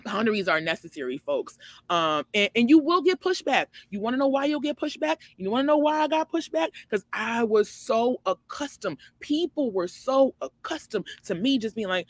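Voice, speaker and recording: A woman's voice: expressive, fairly quick, no room sound. A woman in her forties hosting her own online show, giving an emphatic, preachy motivational faith talk full of rhetorical questions. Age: 40s. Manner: jumps high and loud for emphasis.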